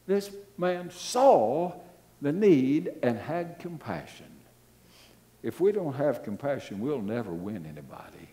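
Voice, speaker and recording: A mid-range voice speaks slowly as an older man preaches a sermon as pastor. He tells stories with animation, repeats his phrases, and hesitates with fillers.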